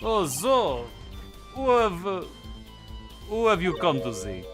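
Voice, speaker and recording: A man voicing a smooth, showy male rock-star prosecutor in a game reading, suave and theatrical. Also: high-pitched, huge pitch swings, slow, music in the background, pitched above the performer's own voice, exaggerated voice.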